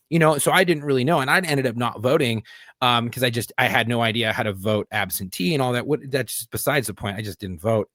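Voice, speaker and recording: A man's voice: mid-range voice, fairly bright tone, no echo. A man from California hosting a podcast, talking in a laid-back, profane way full of "dude". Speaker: podcast host, Marine veteran. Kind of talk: casual chat. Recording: dry close-miked sound.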